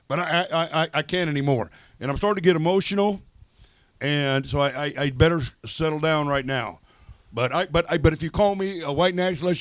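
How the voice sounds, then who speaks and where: Older guy co-hosting a podcast, high voice, swearing a lot, dry close sound. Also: dry recording. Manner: blunt, profane, emphatic. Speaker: podcast co-host. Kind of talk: heated casual talk.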